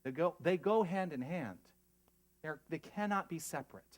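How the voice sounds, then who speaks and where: Earnest male minister preaching softly. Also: a little high, moderate pace. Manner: emotional, earnest, shifts from hushed to animated. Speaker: pastor. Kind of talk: sermon.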